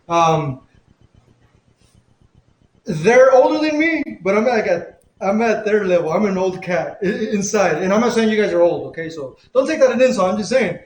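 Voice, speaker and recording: Male livestream host, high voice, loose rambling chat, echoey room. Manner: rambling, self-correcting, chatty. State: drinking a beer.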